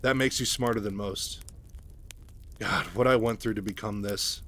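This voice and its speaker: Brief: cold curt female telepath, read by a man in his own low voice. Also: fairly even intonation, moderate pace, a bit bright, slight background noise, close to an everyday voice. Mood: bitter. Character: hardened woman telepath, cold and guarded.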